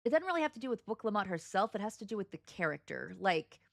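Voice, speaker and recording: A woman's voice: medium pitch, sing-song, fast, creaky, dry recording. Chatty woman streaming a game. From United States. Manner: chatty, greets chat viewers while playing. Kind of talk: casual gaming livestream chat.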